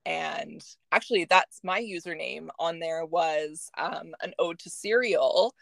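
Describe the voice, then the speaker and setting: A woman's voice: sits low, unhurried, vocal fry, fairly bright tone. A young woman co-hosting a podcast in casual chat, laughing often and talking with many fillers. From Canada. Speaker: podcast co-host.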